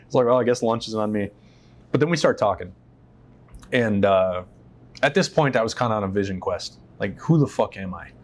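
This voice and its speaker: Slightly fast and a little mellow, the man's voice is on the low side with lively intonation. A military veteran interviewed on his shop's stage, he recounts personal stories candidly and casually, swearing freely and voicing the people he quotes.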